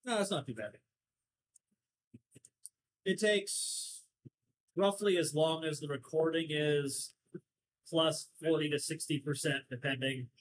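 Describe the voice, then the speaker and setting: A talkative man with a Southern Californian accent and a slightly higher voice. He hosts a relaxed podcast chat and tells long stories in a sardonic, rambling way. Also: slow, long pauses, rough recording. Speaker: podcast host. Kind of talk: casual chat.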